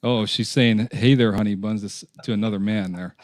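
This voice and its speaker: A man hosts a casual live-stream interview in an easygoing way. His voice sits low, and the sound is dry and close. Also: steady tone, normal speed, no echo. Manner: easygoing, reads chat names aloud. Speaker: host.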